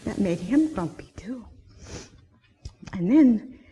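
A woman telling a children's story in church, expressive, with dramatic gasps and whispers. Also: medium pitch, slow pace, slight background noise. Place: church sanctuary.

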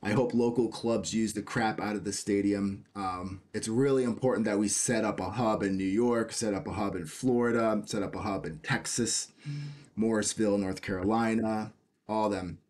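Chatty American man, lowish voice. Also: fairly even intonation, normal speed, darkish tone. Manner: chatty, asks himself questions, jokey asides. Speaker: cricket video host. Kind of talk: casual commentary reading news aloud.

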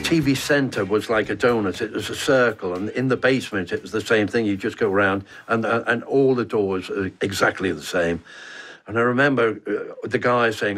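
A man's voice: mid-range voice, fairly quick. Man animatedly recounting a backstage memory. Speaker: interviewee. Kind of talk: reminiscing interview.

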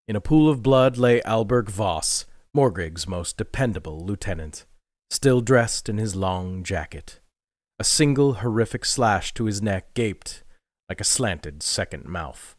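Man, audiobook narrator, low voice, dry close sound, measured dramatic reading. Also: no room sound. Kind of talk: scripted narration.

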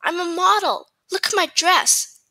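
A woman voicing a tiny, spirited young dressmaker who speaks brightly and eagerly in a storybook reading. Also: high-pitched, animated, normal speed, no echo, heavily acted. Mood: indignant.

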